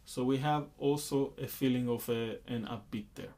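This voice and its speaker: A man's voice: mid-range voice, steady tone, normal speed, few pauses, very noisy. A man teaching a rhythm lesson, patiently explaining beats and counting rhythm syllables aloud. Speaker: music teacher.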